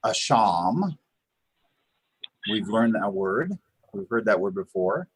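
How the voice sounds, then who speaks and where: A man with a husky, lowish voice speaks slowly in a sing-song way, with no echo. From a Chabad house, he gives a live online beginners' Hebrew lesson, patiently repeating and sounding out words, often using fillers and restarting.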